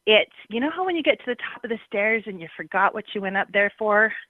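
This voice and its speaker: A woman's voice: mid-range voice, lively intonation, fast talker, no room sound. Chatty woman guest on a phone line. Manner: chatty and playful, laughs easily. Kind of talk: phone-in radio interview.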